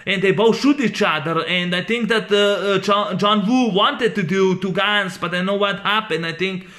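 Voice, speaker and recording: Rambling man with a bright voice. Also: high voice. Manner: rambling, halting, many fillers and restarts. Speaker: movie reviewer. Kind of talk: casual spoken film review.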